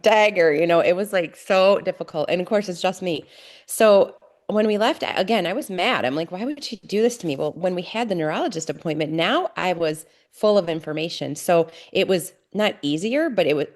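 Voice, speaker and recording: A middle-aged woman, a podcast guest, telling her family story candidly in an earnest, halting way with many restarts. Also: lowish voice, darkish tone.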